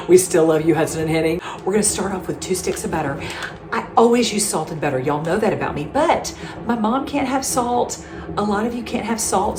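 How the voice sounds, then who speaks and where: A woman's voice: medium pitch, roomy sound, noisy background. A middle-aged woman hosts a home cooking show, chatty and affectionate, laughing often. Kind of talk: casual home cooking demonstration. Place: home kitchen.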